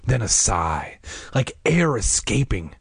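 Husky low-voiced man reading aloud. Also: sing-song, takes it slowly, no room sound, clean studio sound. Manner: wry asides between chapters. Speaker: podcast host reading a children's horror book. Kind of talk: storybook narration.

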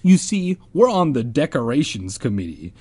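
A man reading aloud as a nervous schoolboy making hurried excuses, with a husky voice. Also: medium pitch, big pitch swings, darkish tone. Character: nervous schoolboy narrator, eager to leave.

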